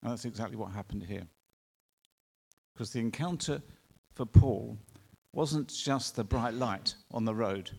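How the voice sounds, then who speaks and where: A man's voice: on the low side, gravelly, a little mellow, husky. Earnest male preacher in a reverberant hall. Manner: earnest, drawn-out emphatic phrasing with rhetorical questions. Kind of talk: sermon. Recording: long reverb of a large hall.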